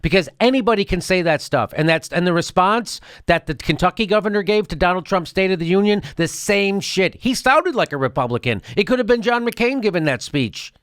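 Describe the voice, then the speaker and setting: A man's voice: fairly high pitch, a bit bright, dry recording, studio quality. A man hosting a political commentary show, ranting sarcastically and laughing as he mocks what he plays. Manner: sarcastic, mocking, laughs often.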